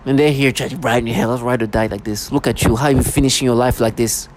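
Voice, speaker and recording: A man's voice: mid-range voice, steady tone, fast, low-quality recording. A man speaking in an emotional, repetitive rant, recorded outdoors on a city street. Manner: emotional, repetitive, mocks others in put-on voices. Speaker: vlogger. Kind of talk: agitated personal rant. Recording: faint street noise, vehicles.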